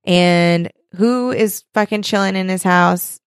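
A woman's voice: medium pitch, slow pace, clear, resonant tone, no echo, clean studio sound. A woman co-hosting a podcast, recapping a TV episode in casual chat, full of ums and likes and casual swearing. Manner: chatty, lots of fillers like um and like, swears casually. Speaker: podcast co-host.

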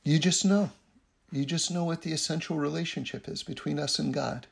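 A man telling a story in a lively way, acting out the voices of the people in it and laughing between lines. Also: on the high side, normal speed, creaky, husky. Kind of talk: animated storytelling talk.

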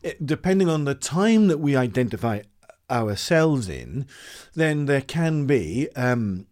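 A man's voice: medium pitch, sing-song, unhurried, a little mellow. A man explaining ideas in a casual conversation as a voice coach, with frequent stammered restarts.

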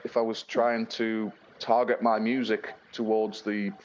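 Low-voiced man. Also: little pitch movement, unhurried, dull audio, slight background noise. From Northeast England. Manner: rambling, many fillers and restarts. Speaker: blues-rock musician guest. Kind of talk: casual interview chat.

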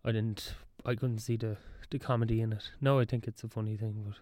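A young man talks in a loose solo monologue, drifting between thoughts and cutting himself off mid-sentence with a wry edge. His voice is mellow and dark. The sound is dry and close. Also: fairly low pitch, flat delivery, fairly quick, no echo. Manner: rambling, wry, self-interrupting. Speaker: podcast host.

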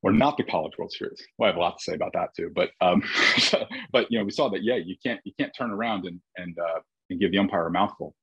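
A man who coaches baseball speaks in a husky, fairly low voice, reflecting as he tells stories and often restarting his sentences. The recording sounds dry and a little dull. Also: fast, a bit bright, no room sound. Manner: reflective storyteller with frequent restarts. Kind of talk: casual conversation.

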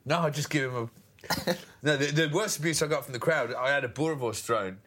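A man, a former cricketer co-hosting a podcast, telling lively anecdotes and acting out crowd voices. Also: medium pitch, a little fast. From England. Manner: lively storyteller who acts out voices. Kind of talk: casual chat.

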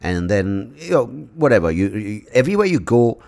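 A man with a slightly low voice rambles through a solo podcast episode, talking casually and swearing often. He jumps between thoughts with plenty of restarts and an animated, offhand delivery. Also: moderate pace. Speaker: podcast host.

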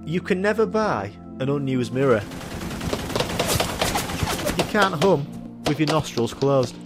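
A man voicing an odd male presenter of random thoughts, slow and deadpan with sudden shouts. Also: fairly high pitch, loud music behind the voice.

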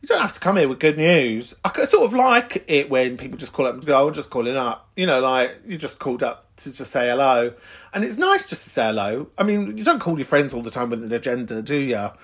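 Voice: medium pitch, very animated, a little fast. A podcast host chatting casually, swearing freely and laughing often while answering callers. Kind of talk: casual chat.

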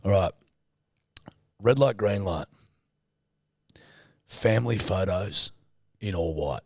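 This is a young Australian man trading blunt, profanity-laced banter on a podcast. His voice sits low but leaps around with lively swings in pitch. The sound is close and dry, with no room around it. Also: takes it slowly, breathy edge, dry recording. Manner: blunt, swears constantly, teasing. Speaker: podcast co-host. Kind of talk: casual banter.

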